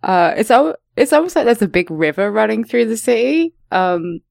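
A woman talking in a casual podcast chat, sarcastic and animated, swearing now and then. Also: on the high side, normal speed, gravelly, dry recording, clean studio sound. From not from London.

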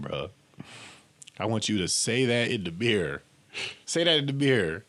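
A man hosting a podcast in a mocking, incredulous comedic rant, laughing often and jumping up high on repeated exclamations. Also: animated, normal speed, a bit bright. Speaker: podcast host. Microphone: camera and mic at home.

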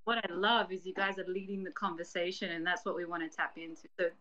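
A woman's voice: on the low side, fairly even intonation, fast, pushed and bright, highs cut off. A woman from Australia with an Australian accent, a podcast guest speaking in a thoughtful, earnest way. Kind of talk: casual podcast chat.

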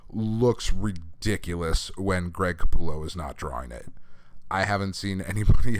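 A man casually reviewing comics on a podcast, his voice hoarse from being sick, talking candidly with swearing and laughs. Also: low-pitched, no echo, studio quality. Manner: candid, profane, animated rants with laughter. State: hoarse from recent illness. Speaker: comic book podcast host.

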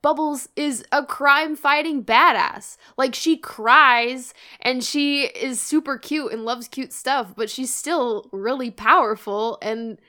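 A woman's voice: sits high, takes it slowly, hardly any pauses, pushed and bright. A young woman co-hosting a podcast, chatting casually and gushing with giggles, swearing now and then. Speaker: podcast co-host. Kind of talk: casual chat.

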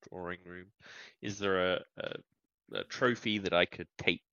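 A man playing a tabletop game, hesitant and halting as he describes what his character does. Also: low-pitched, sharp tone, smooth, dry recording. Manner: hesitant, halting, many fillers. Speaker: player. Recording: dull dry mic.

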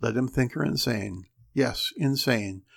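A man reading a story aloud as narrator, measured with dramatic pauses. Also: mid-range voice, gravelly.

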